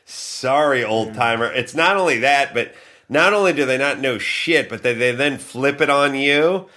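A man's voice: medium pitch, normal speed, sharp tone. A man hosting a casual comedy podcast, ranting sarcastically with plenty of swearing. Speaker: podcast host.

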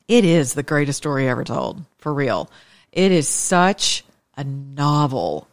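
Her voice sits low and has a sing-song quality, delivered at a measured pace in a clean, echo-free studio. This Southern-accented host of a faith talk show from the US South jokes, preaches, and leans heavily on rhetorical questions.

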